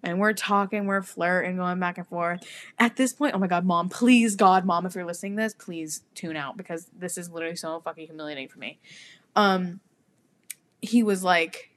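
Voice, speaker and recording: A young woman co-hosting a podcast, telling a story in casual chat, animated, swearing freely and laughing often. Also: on the low side, moderate pace. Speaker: podcast co-host.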